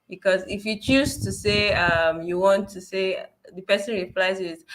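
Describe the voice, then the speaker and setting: A woman's voice: medium pitch, moderate pace, a bit bright, rough recording. A woman taking part in a mentoring session on a video call, explaining her view casually and saying "like" often. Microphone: video call microphone.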